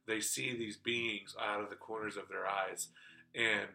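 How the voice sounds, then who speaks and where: Podcast guy with a low, really bright voice, rambling, cursing a lot. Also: a little slow, creaky, poor audio. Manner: swears freely, rambling and animated. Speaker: podcast host. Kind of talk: casual chat, storytelling.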